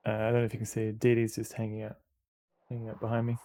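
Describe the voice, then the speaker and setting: A man's voice: lowish voice, completely flat delivery, quick pace, mellow, a little hiss or hum. A man streaming a game, chatting casually and rambling as he answers his viewers. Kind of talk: casual gameplay commentary.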